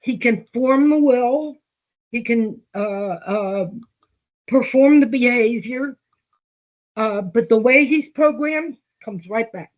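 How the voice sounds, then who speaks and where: Slow-talking older woman, muffled audio. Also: a little high. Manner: slow storytelling, acts out quoted dialogue. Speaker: interviewee. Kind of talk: long-form conversational interview.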